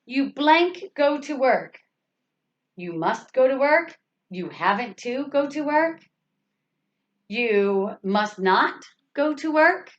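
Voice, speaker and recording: A woman's voice: high-pitched, expressive, slow pace, pauses often. A woman teaching an English grammar lesson, patiently repeating example sentences and asking rhetorical questions. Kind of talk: slow grammar lesson explanation. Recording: slightly dull lo-fi recording.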